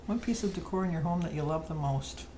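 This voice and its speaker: A woman's voice: low voice, quick pace, mellow, slight background noise, poor audio. A middle-aged woman vlogger chatting casually and rambling fondly through a list of questions. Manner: chatty, rambling, fond storytelling. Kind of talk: casual chat.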